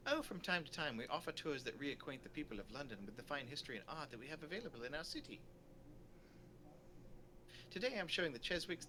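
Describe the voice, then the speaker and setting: A stuffy male tour guide lectures on history, as a man reads his lines aloud. His delivery rises and falls with a bright, forceful tone. Faint noise hums behind. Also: fairly high pitch, voice pushed up.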